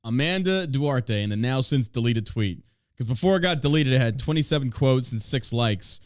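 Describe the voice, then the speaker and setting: A man hosting a podcast in casual chat, talking in an animated, profane and sarcastic way. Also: mid-range voice, normal speed, no echo, studio quality. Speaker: podcast host.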